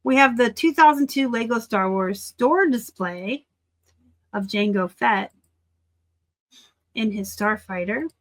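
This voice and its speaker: A woman in her forties hosting a reseller channel, chatting casually and excitably as she looks over sold listings. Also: a little high, slow pace, pauses often. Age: 40s. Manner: chatty and excitable, gushing over items and teasing seller titles. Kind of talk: casual screen-share commentary.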